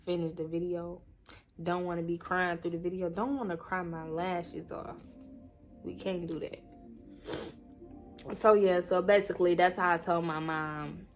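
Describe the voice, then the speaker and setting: A woman's voice: on the low side, steady tone, a little slow, long pauses, soft background music. A woman in her twenties telling an emotional story on her vlog. She talks tearfully, laughs through the tears and rambles with many fillers. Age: 20s. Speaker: vlogger.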